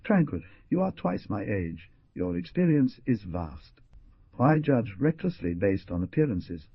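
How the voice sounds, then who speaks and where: A man's voice: on the low side, sing-song, a little slow, slightly rough, no room sound, dull audio, exaggerated voice. A man voicing a fiery young outlaw chief. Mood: impassioned. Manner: passionate, indignant outbursts. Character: proud young male outlaw leader, fiery.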